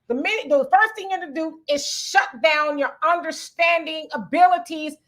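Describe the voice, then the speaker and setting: A woman with a very high, bright and forceful voice hosts an opinion talk show. She lectures emphatically and lays out each point step by step, like a teacher. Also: normal speed.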